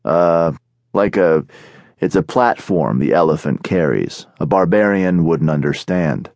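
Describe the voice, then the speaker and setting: A man voicing a gruff, mocking heavy-set caravan guard in an audiobook. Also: low-pitched, animated, a little slow, darkish tone, no room sound, studio quality.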